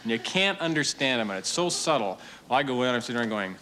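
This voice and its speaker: A man doing a stand-up routine on a TV stage, telling his story in a deadpan, mock-earnest way to a live audience. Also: medium pitch, quick pace. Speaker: stand-up comedian. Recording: TV studio with audience laughter and noise.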